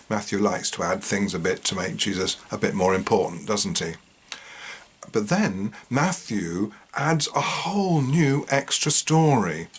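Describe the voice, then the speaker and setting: A man's voice: on the low side, fairly bright tone, breathy edge. A man retelling and commenting on scripture in a casual, musing way, often tagging his points with rhetorical questions. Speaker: host.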